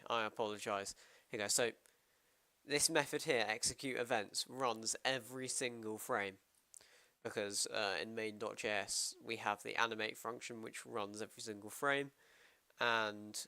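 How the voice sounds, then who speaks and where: A man's voice: on the low side, bright, forceful tone, smooth, no room sound. A man with a British accent, casually explaining his code on a stream, rambling and interrupting himself as he thinks aloud. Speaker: programmer streamer. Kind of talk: casual coding livestream.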